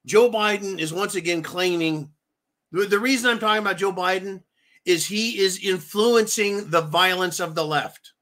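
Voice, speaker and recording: A man's voice: sits high, moderate pace, bright, forceful tone. A man hosting a political commentary show, ranting in a profane, sarcastic way, repeating phrases for emphasis and calling his listeners folks. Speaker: host.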